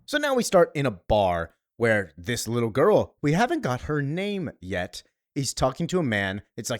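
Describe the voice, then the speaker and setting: A man's voice: medium pitch, huge pitch swings, normal speed, no room sound, studio quality. A man hosting a casual comic book recap, paraphrasing loosely and chatting as he goes. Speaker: host.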